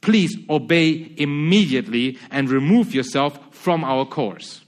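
A man reading the part of a pompous American navy captain in his normal voice, loud and commanding, within a sermon. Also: fairly high pitch, measured pace, natural voice. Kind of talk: reading a story aloud in a sermon.

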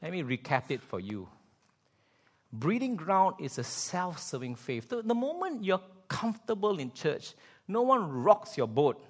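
A man's voice: high-pitched, sing-song, measured pace. A man preaching a sermon, asking rhetorical questions and acting out scenes with sound effects. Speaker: pastor.

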